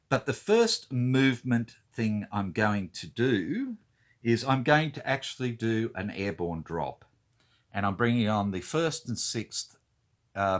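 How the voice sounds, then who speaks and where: A man's voice: lowish voice, fairly bright tone. A man talking through his turn in a board wargame, thinking aloud and counting units with many fillers. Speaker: wargame player. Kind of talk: casual talk-through of a board game turn.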